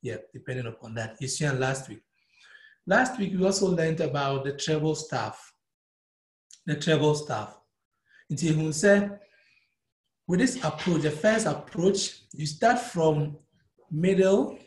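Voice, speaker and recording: Slow, echoey Ghanaian man teaching music. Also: fairly high pitch. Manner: mixes English and Twi, spells out note names one by one. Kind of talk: live-streamed music theory lesson. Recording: echoey room.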